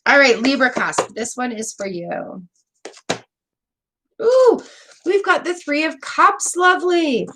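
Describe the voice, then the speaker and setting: A woman's voice: high-pitched, takes it slowly, long pauses, fairly bright tone, slight background noise. A middle-aged woman giving a live tarot reading, chatty, emotional and rambling with fillers. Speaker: tarot reader.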